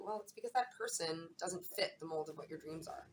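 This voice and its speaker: A woman's voice: on the low side, fast, a little hiss or hum. A woman giving a casual, chatty tarot and astrology reading, often repeating words for emphasis.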